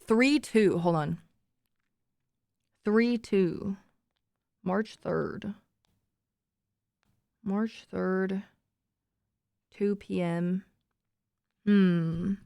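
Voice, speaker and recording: A woman's voice: mid-range voice, very slow, creaky, long pauses, mellow, dry recording. Giggly young woman streamer, dry close sound. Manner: chatty and giggly, cooing baby talk to her dog. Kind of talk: casual chat with viewers.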